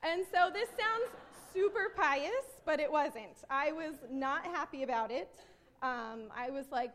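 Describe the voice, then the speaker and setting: A woman's voice: sits high, measured pace, fairly bright tone. A woman, preaching a sermon as a self-mocking personal story and acting out the voices in it.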